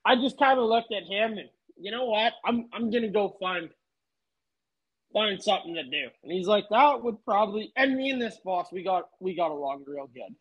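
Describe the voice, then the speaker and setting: Man, high voice, casual storyteller, swearing, lo-fi dull recording. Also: lively intonation, normal speed, slightly rough. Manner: laid-back storyteller, swears freely. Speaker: podcast guest. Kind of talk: casual chat.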